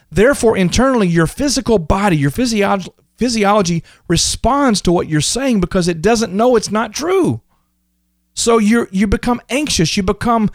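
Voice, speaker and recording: A man preaching a sermon, acting out people's everyday complaints in quick mimicry. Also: high-pitched, dry recording, clean studio sound. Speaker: pastor.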